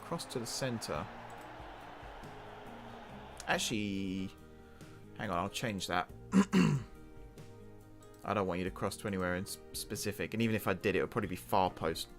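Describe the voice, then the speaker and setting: With a deep voice, normal speed, and long pauses, a man casually commentates a football management game for his gaming channel. He gets excitable, cheering on the in-game players over faint background music.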